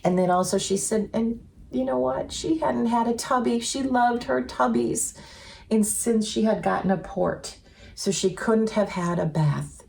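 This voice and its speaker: A woman telling stories in an earnest, chatty way, full of fillers and with softly voiced quotes, as co-host of a casual talk. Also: fairly high pitch, measured pace, vocal fry. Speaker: co-host sharing spiritual experiences. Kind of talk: casual storytelling chat.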